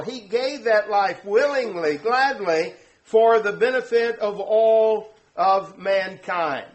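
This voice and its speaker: High-voiced man preaching a sermon. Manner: earnest, explanatory, emphatic on key words. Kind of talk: sermon lesson.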